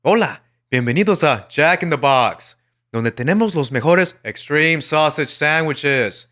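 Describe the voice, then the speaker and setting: A man's voice: fairly high pitch, expressive, unhurried, fairly bright tone, voice pushed up. A man voicing an overeager male TV commercial announcer in an exaggerated, salesy singsong. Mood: gushing.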